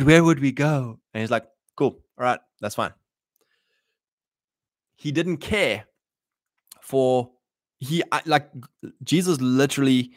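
A man's voice: medium pitch, no room sound, studio quality. Punchy man acting out voices. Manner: animated, acts out quoted voices, punchy. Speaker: host. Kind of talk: casual monologue to listeners.

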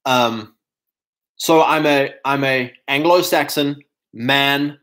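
A man with a South African accent, talking in a casual monologue, animated and mocking, breaking into put-on voices and laughs. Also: medium pitch, takes it slowly, low-quality recording. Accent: South African English.

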